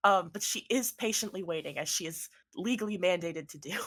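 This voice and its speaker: A woman's voice: on the low side, a little fast, breathy edge. A woman narrating as game master of a tabletop game in a chatty, laughing way with many fillers.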